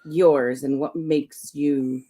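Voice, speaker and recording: Mellow-voiced older woman co-host. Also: deep voice, fairly even intonation. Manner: soft-spoken, halting, many fillers. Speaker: live stream co-host. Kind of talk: casual live-stream chat.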